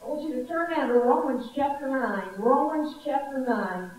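A woman preaching a sermon, telling a story with emphatic, animated delivery. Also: high-pitched, normal speed, a crowd in the background. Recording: echoey hall from far off.

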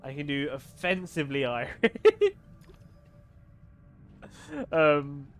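A man's voice: fairly high pitch, wildly swooping pitch, takes it slowly. A man streaming a video game, chatting casually with viewers, swearing freely and laughing often. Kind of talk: casual gaming stream chat.

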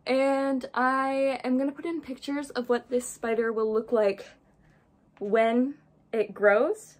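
A young woman, a reptile keeper vlogger, chats casually while setting up a pet enclosure. Her voice is on the high side and a little slow, and she sounds apologetic and slightly flustered.

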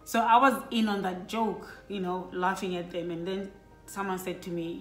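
A woman's voice: on the low side, fairly even intonation, moderate pace, fairly bright tone, echoey room, soft background music. Chatty woman vlogger. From Lesotho. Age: middle-aged. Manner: chatty, full of "you know" asides. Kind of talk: casual storytelling chat.

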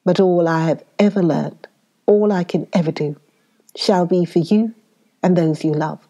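For an audiobook, a woman with a lowish, mellow voice reads the part of an elderly foreign male professor. She speaks earnestly, with halting, oddly worded phrasing.

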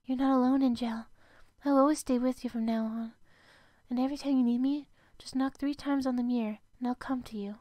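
A woman voicing an eerie girl who is the heroine's mirror self, who talks in a calm, insistent way and slips into breathy whispers. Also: high voice, fairly quick, no room sound, close to an everyday voice. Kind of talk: voicing game dialogue.

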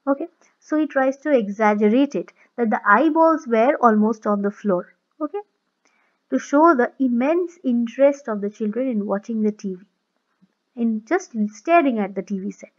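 A woman's voice: on the high side, lively intonation, moderate pace. A woman with an Indian English accent teaching a poetry lesson, emphatic, repeating and rephrasing her points and asking rhetorical questions. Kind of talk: classroom lesson explaining a poem. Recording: slightly muffled lo-fi sound.

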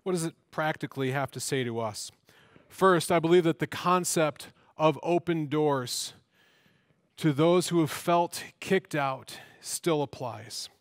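A man's voice: on the high side, unhurried, no room sound, studio quality. A man preaching a sermon as pastor of a church, earnest, with emphatic repeats and questions.

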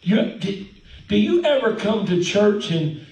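A high-pitched man preaches a folksy, animated sermon, dropping in hallelujahs and amens. His voice rings through an echoey church sanctuary, picked up from a distance. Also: unhurried. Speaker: pastor.

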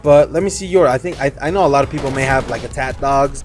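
A young man streaming a shooter game, commentating casually, cursing often and reacting loudly to kills and deaths. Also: medium pitch, fast. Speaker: gaming streamer. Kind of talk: live gameplay commentary. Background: game music and gunfire.

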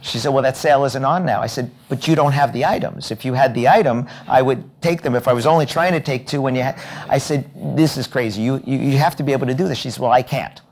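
A man's voice: medium pitch, fast talker. A man giving a storytelling keynote talk at a hotel event, acting out the lines of each person in his anecdotes. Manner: animated, acts out dialogue in anecdotes. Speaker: keynote speaker.

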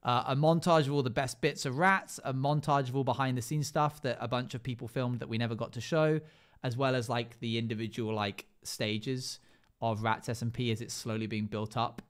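A man hosting a casual live stream, talking while he plays and reeling off a long list of items. His voice is smooth and clear at an ordinary middle pitch, broken up by frequent fillers. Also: steady tone, normal speed. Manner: rattles off long lists with many fillers.

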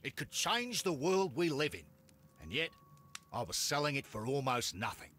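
A man's voice: mid-range voice, very animated, moderate pace, bright, forceful tone, a little hiss or hum. An actor playing an indignant, pompous Victorian businessman and inventor in a game. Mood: self-important. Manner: pompous, easily outraged. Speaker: game character.

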